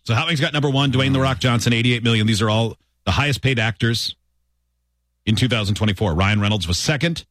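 A man hosting a casual radio show, running a guessing game with animated, laughing banter. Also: mid-range voice, quick pace, no room sound.

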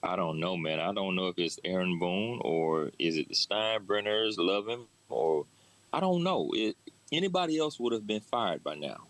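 A man co-hosting a casual sports talk show, animated and agreeable, with frequent quick affirmations. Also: sits low, no room sound. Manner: animated, agreeable, backchannels often.

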